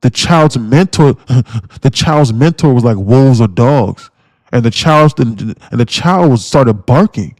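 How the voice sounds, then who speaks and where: A man's voice: mid-range voice, animated, slow, darkish tone, no echo, studio quality. A man livestreaming his day trading, ranting bluntly with lots of swearing and mocking his viewers. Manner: blunt, swearing, mocks viewers in put-on voices. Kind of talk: profane ranting livestream talk.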